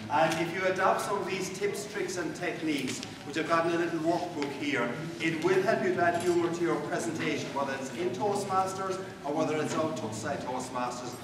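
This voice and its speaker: A playful man addresses a conference audience, rallying them with energy and fun. His voice sits fairly high and carries from a distance. A long echo hangs in the large hall, with some noise behind it. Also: a little fast, hardly any pauses. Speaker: conference speaker. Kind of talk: humorous keynote talk. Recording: echoey hall from far off, noisy.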